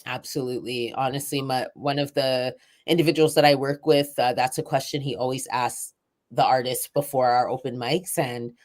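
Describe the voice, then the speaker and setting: A woman who writes spoken word poetry and runs poetry events, talking candidly and a little rambling in an interview, with fillers and soft laughs. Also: extremely low pitch, fairly even intonation, normal speed. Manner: self-described shy. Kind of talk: reflective interview conversation.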